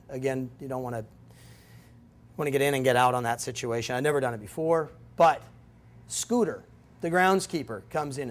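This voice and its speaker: Man, middle-aged, lecture room, storytelling, rambling and self-interrupting. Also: on the high side. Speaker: guest lecturer.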